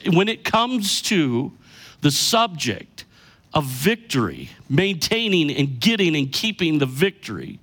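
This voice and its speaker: A middle-aged pastor preaching a sermon with emphasis, slowing down to stress key lines. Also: male voice, on the high side, big pitch swings, fairly bright tone.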